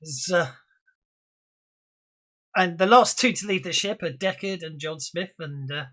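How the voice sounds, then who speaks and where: High-voiced man narrating a tabletop game. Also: a bit bright. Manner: halting, many fillers and restarts. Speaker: game master.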